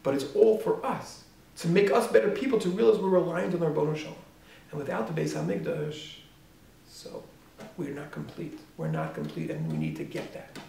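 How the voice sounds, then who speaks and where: Rabbi's sermon, male, higher-pitched and gravelly, animated, rhetorical; echoey room, away from mic. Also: brisk, recorded from a distance. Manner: animated, rhetorical questions, swings from loud to hushed. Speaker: rabbi teaching at a yeshiva.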